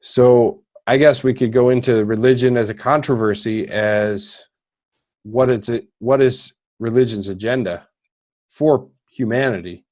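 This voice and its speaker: A man's voice: mid-range voice, unhurried, darkish tone. A man hosting a casual podcast interview, talking in a loose, rambling way. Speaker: host.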